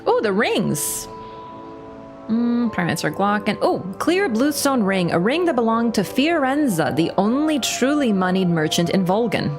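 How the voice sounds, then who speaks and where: A woman's voice: on the high side, big pitch swings, moderate pace, few pauses. A young woman chats casually on a game stream, swearing and laughing often. Her voice swoops up and down a lot. Faint game music plays behind her. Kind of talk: casual gaming stream chat.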